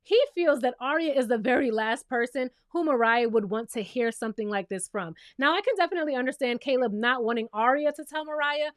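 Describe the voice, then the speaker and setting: A woman's voice: high voice, lively intonation, brisk, hardly any pauses, no room sound, studio quality. A woman giving a sassy, playful casual commentary recap of a reality show, talking straight to the viewer.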